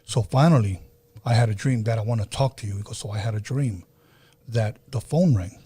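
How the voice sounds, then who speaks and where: An earnest man hosting a podcast tells a story in a casual, chatty way, circling back over his own words. His voice is husky and mellow, recorded dry and close. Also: lowish voice, brisk, dry recording. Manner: earnest, repeats himself, acts out quoted voices. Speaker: podcast host.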